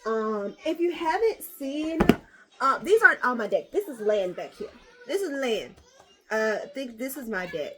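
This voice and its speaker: A woman vlogger chatting casually as she opens card packs, animated and swearing freely. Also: a little high, unhurried, noisy background. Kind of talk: casual chat.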